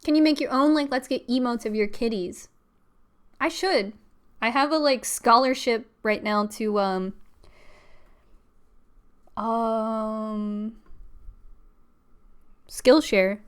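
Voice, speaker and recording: Chatty woman live streaming, clear voice. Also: a little high, measured pace, pauses often. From Pennsylvania, US. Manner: chatty, rambling with fillers and laughs. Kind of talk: casual live stream chat.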